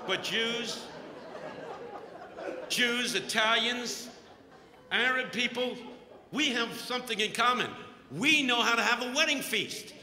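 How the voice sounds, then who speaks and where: A man preaching a lively, joke-filled sermon at a conference. His voice is high and sharply bright. It echoes through a large hall with a long reverb tail. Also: takes it slowly, pauses often, a faint crowd. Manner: joking, animated storytelling. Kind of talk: humorous sermon.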